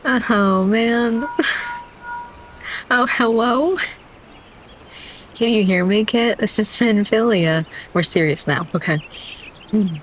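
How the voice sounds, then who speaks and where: A woman's voice: mid-range voice, takes it slowly, long pauses, a little hiss or hum. A young woman reading game dialogue aloud during a playthrough, often breaking into laughter. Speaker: game streamer.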